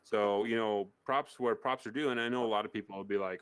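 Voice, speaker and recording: A man with a low-pitched voice chats casually on a gaming podcast, animated and given to dry sarcasm. He rambles and restarts his sentences. The close, dry recording has no room sound. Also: a little fast, few pauses, clean tone, no room sound. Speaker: podcast co-host. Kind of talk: casual chat.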